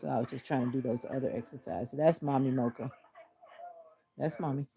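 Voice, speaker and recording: A woman with a low, gravelly voice chats casually with viewers on a livestream. Her tone is mellow and deliberately monotone. She talks while doing arm exercises on her couch. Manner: deliberately flat, monotone delivery. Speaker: livestream host.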